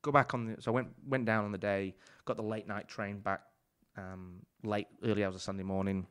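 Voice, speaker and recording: A man's voice: on the low side, level tone, normal speed, clean tone. A man, a chef and author, telling long rambling stories in a casual podcast chat, full of "like" and swearing.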